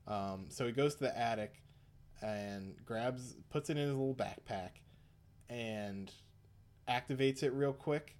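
Relaxed man recapping casually. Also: medium pitch, a little slow. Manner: rambling, swearing, laughs often. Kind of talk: casual chat, retelling an anime episode.

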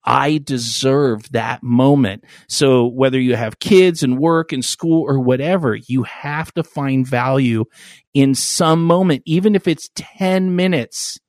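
A man hosting a podcast, chatting casually in a crude, rambling, joking way. His voice sits at an ordinary pitch and is recorded close and dry, with no room sound. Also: unhurried, darkish tone, no room sound. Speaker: podcast host. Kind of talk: casual chat.

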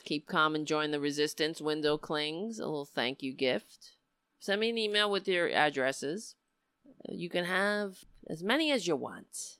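A woman's voice: low voice, a bit bright, dry recording, studio quality. Emotional rambling woman talk host. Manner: emotional, rambling, trails off and restarts. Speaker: host of a political talk show. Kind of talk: casual livestream commentary.

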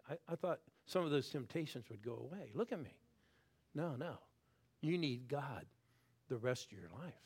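A man in his sixties preaching a sermon, swinging from loud calls to the crowd down to soft, hushed lines. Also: fairly high pitch. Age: 60s. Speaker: guest preacher.

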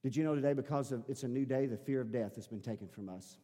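A male pastor preaching a sermon, repeating his phrases and building up to shouting. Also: medium pitch, fast talker, long reverb tail. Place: church sanctuary.

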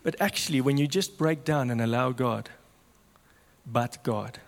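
A man's voice: mid-range voice, unhurried, creaky. Impassioned man preaching in an echoey hall. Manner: impassioned, swings from loud to hushed. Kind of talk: sermon.

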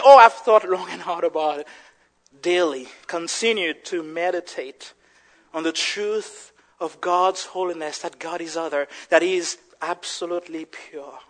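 A man preaching a sermon with passion, rising to shouts and dropping to hushed, quiet lines. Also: a little high. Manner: impassioned preaching, swinging from shouts to hushed tones. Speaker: pastor.

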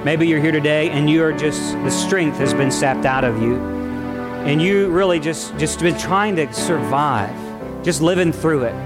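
A man's voice: a little high, a little slow, over loud music. A man preaching a sermon at a church service, passionate and full of rhetorical questions. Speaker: pastor.

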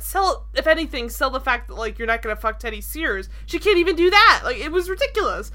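A woman's voice: sits high, animated, quick pace, hardly any pauses, pushed and bright. A young woman co-hosting a casual show, recapping an episode with sarcastic, profane asides. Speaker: podcast co-host.

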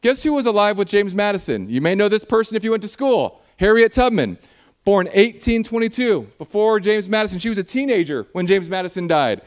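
A man preaching a sermon in a church, animated and jokey, acting out voices as he talks. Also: high voice, brisk. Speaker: pastor.

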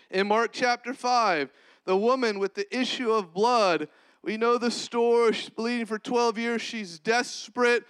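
A man preaching a sermon as a pastor, with long pauses and sudden drops to a soft voice. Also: high-pitched, smooth.

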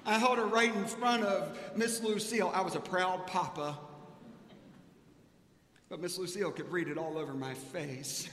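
A male pastor preaches from a sanctuary, telling a personal story and acting out the voices of the people he quotes. His voice sits high for a man. It rings with the long reverb of a large hall over a faint hum of room noise. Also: normal speed, a bit bright. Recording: echoey hall with faint ambience.

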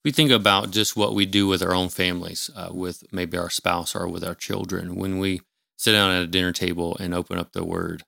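A man in a small studio room, giving a measured, explanatory talk on scripture in casual conversation, with fillers and restarts. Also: deep voice, creaky, bright, forceful tone, dry recording. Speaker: ministry leader and guest.

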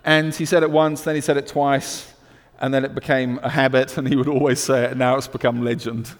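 A man with a British accent preaching a sermon, swinging from loud emphatic declarations to hushed storytelling. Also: mid-range voice, little pitch movement, brisk, long reverb tail.

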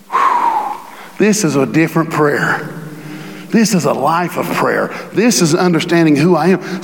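Male pastor with a high voice, preaching slowly and dramatically in a big echoing hall. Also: lively intonation, vocal fry. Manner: swings from hushed to booming when reading scripture. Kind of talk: sermon.

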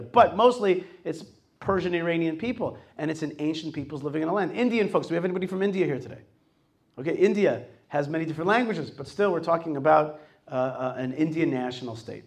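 Male host, fairly high voice, animated delivery, jokes with a live crowd in a hall. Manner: animated, jokes with the audience and acts out quoted voices. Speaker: host giving a talk to a live audience. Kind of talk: lively public talk.

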